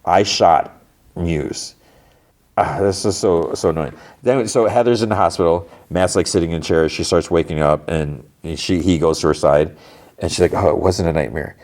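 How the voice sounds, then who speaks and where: A man with a very low voice talks through a TV recap like a podcast host. He is loose and chatty, with lots of fillers. He sounds easily exasperated. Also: fairly even intonation, a little fast, darkish tone. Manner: chatty, full of "like" and "you know"; exasperated at the plot. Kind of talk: casual episode recap.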